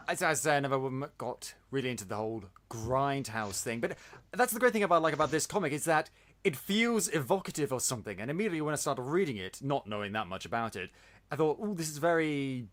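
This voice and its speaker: A man's voice: on the high side, fairly bright tone. A man hosting a podcast, chatting casually in a playful, jokey way. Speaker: podcast host. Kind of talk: casual chat.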